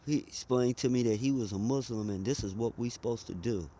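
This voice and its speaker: Mellow-voiced man telling his story. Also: mid-range voice, fairly quick. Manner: conversational, emphatic, drawls and speeds up. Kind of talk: personal storytelling monologue.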